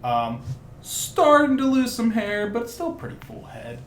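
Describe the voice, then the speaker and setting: A man's voice: high-pitched, huge pitch swings, measured pace. A man playing a tabletop game, describing his character in a loose, rambling way full of fillers. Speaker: player. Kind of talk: casual tabletop game chat. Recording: echoey room with faint noise.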